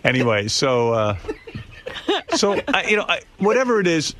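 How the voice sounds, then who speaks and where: A male radio host telling an animated story, exasperated and swearing freely, with many restarts. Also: fairly high pitch, normal speed, noisy background.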